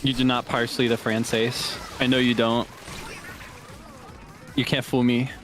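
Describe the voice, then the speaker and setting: A male streamer chatting casually during a game stream, giggly and quick to burst into laughing fits. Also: level tone, fairly bright tone, soft background music. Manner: giggly, breaks into frequent high laughing fits. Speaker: streamer host.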